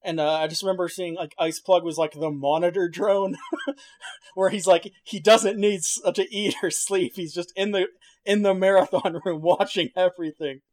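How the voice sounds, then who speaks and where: A man's voice: sits high, steady tone, normal speed, a little mellow, dry recording. A man chatting casually as a podcast co-host, rambling and cursing with lots of fillers and restarts. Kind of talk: casual chat.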